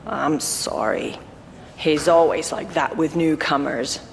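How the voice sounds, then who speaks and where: Gravelly old grandmother, slow measured storyteller, audio drama, long hall echo, background noise. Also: medium pitch, steady tone. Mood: calm. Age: older. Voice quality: hoarse, gravelly. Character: old hoarse grandmother, stern caretaker of a church shelter.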